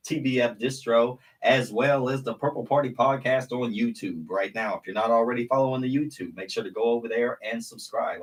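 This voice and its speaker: A man co-hosting a live podcast in casual banter, cracking crude jokes and laughing at them. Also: medium pitch. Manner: joking, laughs at his own jokes. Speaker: podcast co-host.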